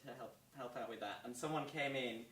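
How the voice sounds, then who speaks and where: A young man tells backstage stories at a quick clip, animated and amused. The mic sits some way off, and the room rings around him. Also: mid-range voice, slight background noise. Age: young adult. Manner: animated anecdote telling, laughs along. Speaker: guest. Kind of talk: casual storytelling on a talk show. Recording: roomy sound from a distant mic.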